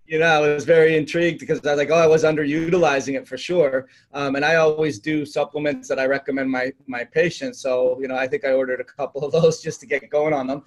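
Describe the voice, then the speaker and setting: A man with a fairly high voice hosts a health interview. He asks long, winding questions full of "uh" and "you know". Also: little pitch movement, fast, few pauses. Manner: rambling questions with many fillers. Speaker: chiropractor host. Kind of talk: interview host chat.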